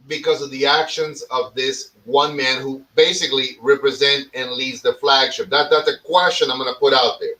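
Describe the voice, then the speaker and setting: A man's voice: mid-range voice, steady tone, normal speed, few pauses, sharp tone, recorded from a distance, low-quality recording. A man hosting a casual talk show, speaking bluntly and swearing, often repeating words as he starts a point. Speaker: cigar podcast host. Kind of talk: casual opinion chat.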